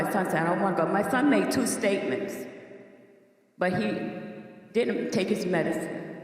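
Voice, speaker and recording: An older woman, a bereaved mother, giving slow, heavy, insistent testimony at a community meeting, repeating herself as she speaks. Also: fairly low pitch. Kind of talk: emotional public testimony. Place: public meeting hall. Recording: echoey hall, voice from far off.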